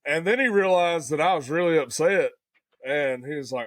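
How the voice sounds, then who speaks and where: A man's voice: a little high, normal speed, no echo. A man, co-hosting a podcast and telling a hunting story in a folksy, casual way. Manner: folksy storyteller, says "buddy" and "dude" a lot. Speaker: podcast co-host.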